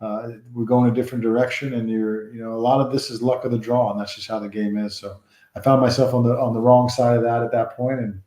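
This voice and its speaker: A man in his forties, a former ball player, telling rambling, animated stories from his career in an interview. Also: medium pitch, fast talker, reverberant. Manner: rambling, animated anecdotes with restarts. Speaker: former baseball player, guest. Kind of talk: storytelling interview.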